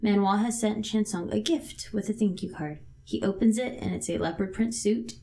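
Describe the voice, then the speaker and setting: A woman co-hosting a podcast, recapping a drama episode in a steady way with dry asides. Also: mid-range voice, normal speed. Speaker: podcast co-host.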